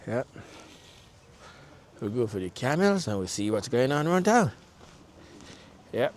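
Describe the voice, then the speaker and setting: A man's voice: medium pitch, sing-song, measured pace, slight background noise. A man talking casually as a travel vlogger outdoors, in loose, repetitive, chatty commentary. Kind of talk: casual vlog narration. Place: outdoors around a town.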